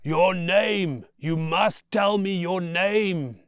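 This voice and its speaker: Brief: man doing a grizzled old roller driver, jovial, slow roaring shouts, dry close sound. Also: no room sound, heavily acted. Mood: roaring, friendly. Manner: slow booming shouts over engine noise. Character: old male steamroller driver, jovial, weathered.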